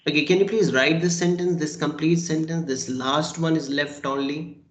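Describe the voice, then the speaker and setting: A man's voice: fairly high pitch, steady tone, normal speed. A man teaching a French class, patiently repeating and spelling out words. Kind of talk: online language class. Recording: roomy echo.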